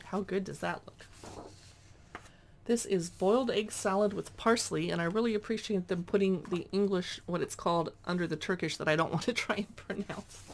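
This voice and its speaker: A woman's voice: medium pitch, moderate pace, darkish tone, slight background noise. A woman chatting casually as she pages through a cookbook, reading dish names aloud with little asides. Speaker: cookbook reviewer.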